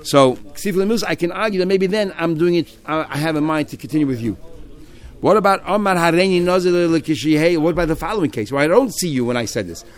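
A man teaching a text study class, explaining step by step and acting out the speakers he quotes. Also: fairly high pitch.

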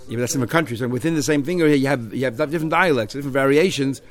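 Man, Talmud teacher, mid-pitched voice, talks through text with restarts and Hebrew terms. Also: very fast. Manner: explains in a Yeshivish mix of Hebrew and Aramaic terms with English, with many restarts. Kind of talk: Talmud class lecture.

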